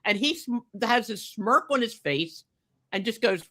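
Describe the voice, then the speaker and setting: A woman's voice: fairly high pitch, animated, unhurried, fairly bright tone. A woman co-hosting a podcast, chatting casually and getting indignant about a wrestling match, with lots of fillers and restarts. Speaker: podcast co-host.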